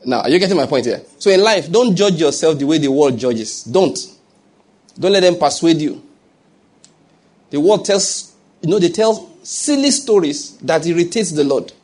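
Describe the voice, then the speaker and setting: A man's voice: fairly high pitch, expressive, normal speed, a little mellow. A man preaching a sermon, chatty and humorous, building up to emphatic points. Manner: conversational preaching, humorous asides, rising to emphatic. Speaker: pastor.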